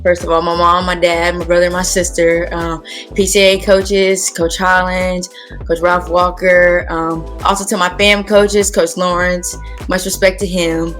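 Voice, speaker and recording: A young woman, a high school basketball player, giving short, laid-back answers as an interview guest. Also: little pitch movement, measured pace, fairly bright tone, soft background music. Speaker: guest athlete.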